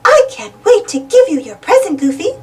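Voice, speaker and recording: A woman's voice: very high voice, sing-song, moderate pace, darkish tone, distant mic, voice pushed up. A woman voicing a sweet, kind female cartoon duck, a little away from the mic. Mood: warm.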